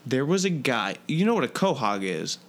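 A man's voice: mid-range voice, big pitch swings, moderate pace. A man co-hosting a casual podcast chat, rambling and swearing a lot, with frequent restarts. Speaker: podcast co-host.

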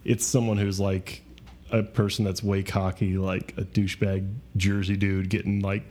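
A man's voice: sits low, level tone, moderate pace, dark tone. A man co-hosting a podcast, chatting casually, rambling and swearing a lot. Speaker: podcast co-host. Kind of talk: casual chat.

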